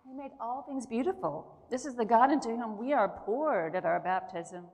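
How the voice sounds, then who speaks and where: A woman preaching a sermon in a church, earnest and emphatic, with slow pauses between phrases. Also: a little high, darkish tone. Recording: long hall reverb.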